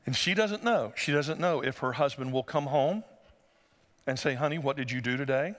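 A male pastor, preaching a sermon and telling stories, sometimes acting out voices in a high falsetto. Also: moderate pace. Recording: long hall reverb.

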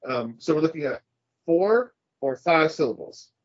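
Man, podcast co-host, husky, profane ranting, dry dull lo-fi recording. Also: fairly high pitch, animated, normal speed, no echo. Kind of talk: casual podcast chat.

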